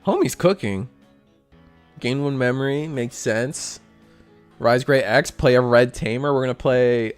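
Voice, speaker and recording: A man hosting a store card game tournament stream, giving chatty, excitable play-by-play commentary to his chat. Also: mid-range voice. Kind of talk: casual livestream play-by-play commentary.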